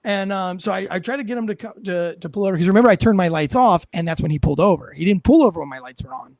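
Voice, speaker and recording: Man with a high voice, ex-cop telling a story, animated and profane, close dry sound. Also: very fast, no echo. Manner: animated, profane, acts out what people said. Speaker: former police officer. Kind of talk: casual storytelling on a talk show.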